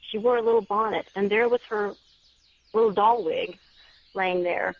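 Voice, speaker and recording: A woman guest author telling a story in a casual, animated way during an interview, often acting out what others said. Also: mid-range voice, moderate pace. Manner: chatty, animated storyteller with quoted voices. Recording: dull, lo-fi audio.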